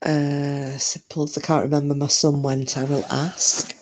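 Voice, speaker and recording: A woman's voice: deep voice, little pitch movement, measured pace, a little mellow. Chatty British woman hosting a live stream. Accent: British English. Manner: rambling, chatty, answers viewer comments by name. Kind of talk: casual live-stream chat.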